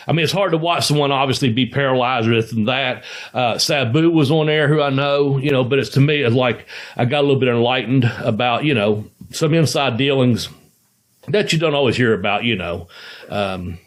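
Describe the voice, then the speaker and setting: A man co-hosting a podcast, a former wrestler telling rambling, profane stories and laughing as he goes. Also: medium pitch. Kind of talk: casual storytelling chat.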